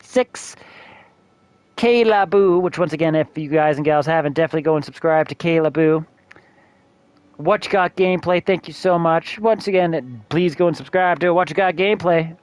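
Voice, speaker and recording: A man's voice: on the high side, normal speed, clear, resonant tone, no room sound. A man streaming a video game, ranting in a profane, exasperated way and thanking his viewers. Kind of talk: casual game-stream rant.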